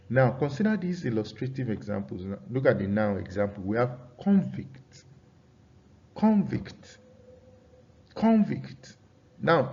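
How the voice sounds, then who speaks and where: A man teaching an English pronunciation lesson, often halting on fillers and repeated words, then calling out example words with strong emphasis and asking students if they follow. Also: mid-range voice, a little mellow. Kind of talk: classroom lesson. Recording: dull lo-fi recording.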